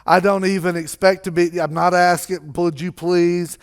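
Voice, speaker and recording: A remorseful young son stumbles through an apology in a low, hushed, halting voice, as a preacher acts him out. He keeps restarting his words, softly and unsure. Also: level tone, smooth, natural voice. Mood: sheepish.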